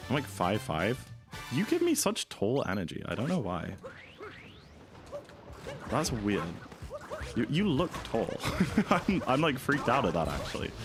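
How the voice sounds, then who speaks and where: A man's voice: mid-range voice, huge pitch swings, measured pace, pauses often. A man streaming a game, chatting casually and rambling while he reads and answers his chat. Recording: game music playing behind.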